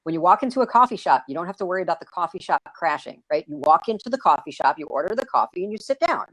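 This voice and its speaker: An energetic, excitable man who hosts a casual live video-stream chat, raising his voice over a video call. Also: sits high, fast, dry recording, low-quality recording. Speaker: host.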